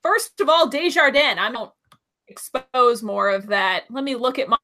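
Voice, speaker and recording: Chatty female podcast co-host, bright tone, questioning. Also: a little high, animated, moderate pace. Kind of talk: casual chat.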